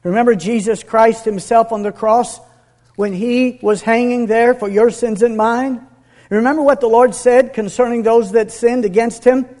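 A man preaching a sermon with earnest conviction, dropping to a hush and building to emphatic peaks. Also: extremely high pitch, fairly even intonation, moderate pace.

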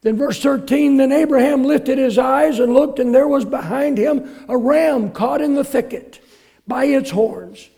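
A man preaches a sermon in a very high voice with vocal fry, reading scripture with emphasis at a slightly slow pace. He shouts certain quotes and then drops into quiet asides for the congregation.

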